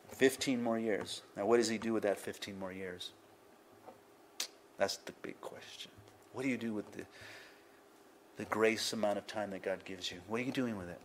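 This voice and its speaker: A man's voice: lowish voice, moderate pace, a little hiss or hum. Older man preaching in a chatty way. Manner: conversational teaching with frequent asides and chuckles. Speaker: pastor. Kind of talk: sermon.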